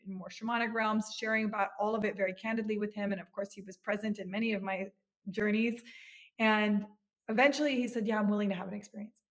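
A woman's voice: mid-range voice, a bit bright. A woman in her thirties, a psychotherapist, speaking earnestly and reflectively as a podcast guest, often restarting her phrases. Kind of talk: podcast interview.

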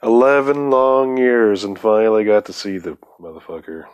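A man's voice: on the low side, steady tone, normal speed, clear, resonant tone. A man telling a rambling, profane story on his podcast, laughing now and then. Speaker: podcast host. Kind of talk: casual storytelling monologue.

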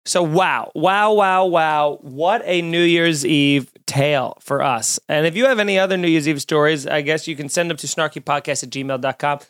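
A man hosting a comedy podcast, ranting in an animated, profane, mock-outraged way. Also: a little high, normal speed, hardly any pauses, smooth. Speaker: podcast host.

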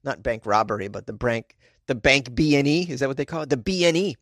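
A man's voice: mid-range voice, a little fast, fairly bright tone, dry recording, studio quality. Wisecracking man riffing on the news. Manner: wisecracking, laughs often, riffing asides. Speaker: podcast host. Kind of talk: comedic news commentary.

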